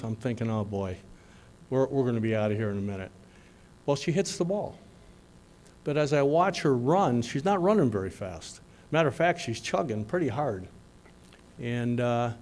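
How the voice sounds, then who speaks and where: Folksy middle-aged man telling a story. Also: medium pitch. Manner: folksy, animated storyteller with asides. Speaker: graduation speaker. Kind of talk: motivational speech with storytelling.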